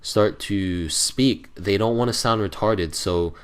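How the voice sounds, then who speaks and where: A man's voice: fairly low pitch, slow, clear, resonant tone. A teenage boy hosting his gaming channel, chatting casually to viewers in a rambling, grumbling way with lots of hesitations. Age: teens. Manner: rambling, hesitant with many fillers; irritable, grumbling.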